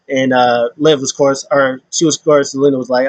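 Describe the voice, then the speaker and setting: A man's voice: mid-range voice, little pitch movement, fairly quick, hardly any pauses, no room sound, lo-fi sound. A man casually recapping wrestling, rambling with many fillers and acting out quotes in put-on voices.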